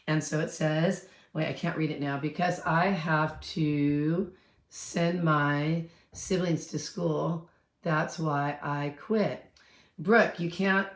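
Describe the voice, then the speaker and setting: A woman's voice: deep voice, roomy sound. A woman in her fifties, a real estate agent, chatting casually on a livestream, rambling and answering viewer questions.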